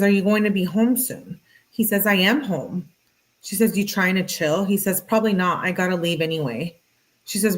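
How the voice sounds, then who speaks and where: A woman's voice: on the low side, low-quality recording. A woman host reading text messages aloud in a casual, conversational way, with her own chatty commentary full of "like". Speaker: channel host.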